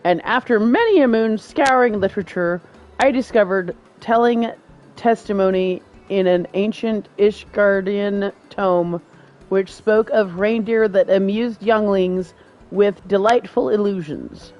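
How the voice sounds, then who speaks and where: A woman's voice: medium pitch, a little slow, a little mellow, faint music behind, close to an everyday voice. A woman reading the lines of a formal, lecturing male folklore professor from a game, quizzing and stumbling over long words. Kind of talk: reading game dialogue aloud.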